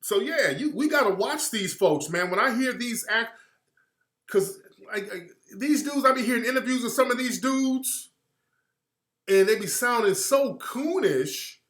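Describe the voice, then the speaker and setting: A man's voice: very high-pitched, animated, measured pace, fairly bright tone, roomy sound. A man hosting a radio talk show, talking to listeners in a loose, slangy, rambling way and trailing off while he looks things up. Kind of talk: casual commentary to listeners.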